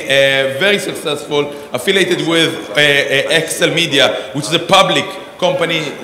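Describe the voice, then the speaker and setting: Introducing a panel on stage, a male conference host rambles with many fillers and restarts in a fairly high, pushed and bright voice. The large conference hall sounds echoey, with a long reverb.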